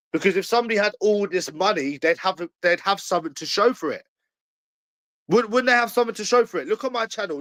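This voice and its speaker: A man with a London accent delivers a long, abusive rant straight to camera. He repeats himself, jeers, and breaks into shouts. His voice sits fairly high, and the recording is dry and close. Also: dry recording, poor audio. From England. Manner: abusive, repetitive, jeering, bursts into shouts. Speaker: channel owner. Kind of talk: angry ranting monologue to camera.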